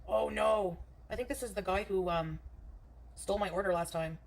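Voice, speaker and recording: A woman's voice: medium pitch, moderate pace, creaky. A woman streamer, from Canada, ranting in a defensive, profane way during a livestream.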